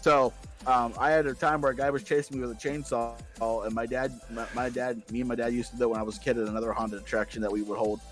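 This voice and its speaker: Faint music sits under a man who talks fast as a guest on a podcast. His intonation is fairly even as he shares playful stories in relaxed chat, putting on squeaky voices for quotes.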